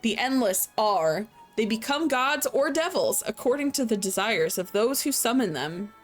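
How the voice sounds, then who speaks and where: A woman voicing an ancient dragon, reading its archaic lines slowly and formally. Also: fairly high pitch, animated, faint music behind, close to an everyday voice. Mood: solemn. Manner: slow, measured, formal old-fashioned phrasing. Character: ancient solemn dragon speaking archaic English.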